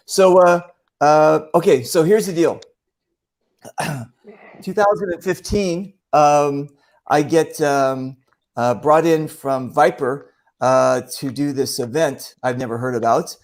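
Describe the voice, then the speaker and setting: On a casual online show, the host chats through rambling stories, full of fillers, and acts out the voices of other people. He speaks a little slowly, in a slightly high voice with a darkish tone.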